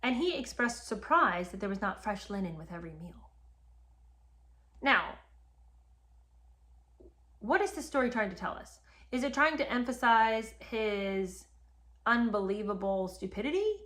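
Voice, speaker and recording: A woman's voice: medium pitch, sing-song, unhurried, pauses often, a bit bright. A woman hosting a history podcast, retelling events and reacting with indignation while talking straight to her listeners. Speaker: podcast host. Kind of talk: animated history commentary.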